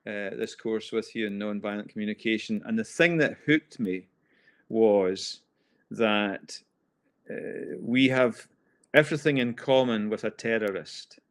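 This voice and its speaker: A man with a Scottish accent hosting a podcast, asking gentle questions in a conversational interview. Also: fairly low pitch, unhurried. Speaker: podcast co-host.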